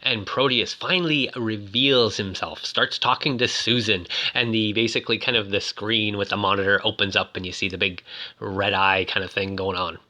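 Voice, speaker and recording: A man's voice: fairly low pitch, steady tone, moderate pace, pushed and bright. A man giving a rambling, jokey, casual recap of a film as its host.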